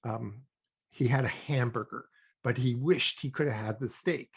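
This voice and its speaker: An older man from Canada, a guest expert on child development, explaining at a measured pace with frequent ums and emphatic points. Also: mid-range voice, breathy edge. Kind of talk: conversational explaining.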